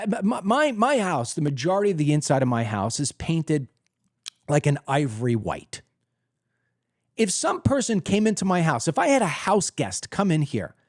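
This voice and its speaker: A man's voice: sits high, dry recording, clean studio sound. A man hosting a political commentary show, delivering a heated, emphatic monologue from his desk at home. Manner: emphatic, heated, acts out other people's reactions. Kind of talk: opinionated monologue.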